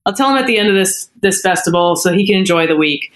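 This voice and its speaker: A woman guest on a podcast, telling a personal story in a candid, heartfelt way with frequent pauses and restarts. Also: mid-range voice, expressive.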